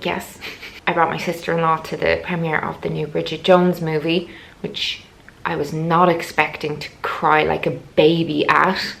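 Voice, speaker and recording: A woman's voice: low-pitched, level tone, a little slow, gravelly, fairly bright tone, slight background noise, rough recording. A woman in her thirties vlogging casually on a road trip, chatty and laughing often at herself. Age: 30s. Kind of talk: casual vlog chat. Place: in a car on a rainy road trip.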